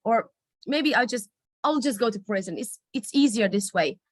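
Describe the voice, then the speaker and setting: A woman's voice: fairly high pitch, animated, moderate pace, no room sound. A woman voicing a desperate merchant father who begs and pleads in distress. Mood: pleading distraught. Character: desperate middle-aged male merchant, a father.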